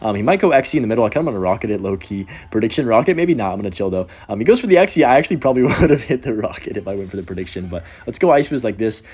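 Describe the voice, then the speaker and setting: A man's voice: lowish voice, animated, a little mellow, breathy edge. A man giving casual live play-by-play commentary over his own gameplay, chatty and upbeat. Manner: quick, chatty play-by-play with frequent "um" and laughs. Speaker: gaming commentator.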